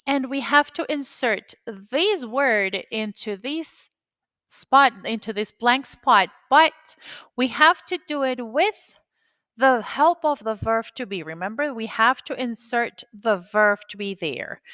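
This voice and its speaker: A woman with a high, bright, forceful voice, recorded echo-free, gives an English grammar lesson. Spanish is her first language, and she goes through the rule patiently, step by step, repeating the essentials.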